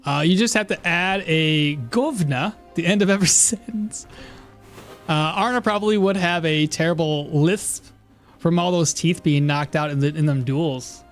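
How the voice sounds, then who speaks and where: Chatty man with a high voice. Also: moderate pace, soft background music. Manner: chatty, rambling, laughs at himself. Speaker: game streamer. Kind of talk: casual gameplay commentary.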